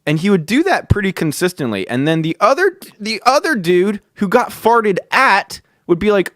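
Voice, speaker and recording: Fired-up podcast guy telling a story, kinda high voice, says dude a lot. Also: normal speed, few pauses, dry recording, studio quality. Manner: excitable, swears, keeps saying "dude". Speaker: podcast host. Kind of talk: casual storytelling.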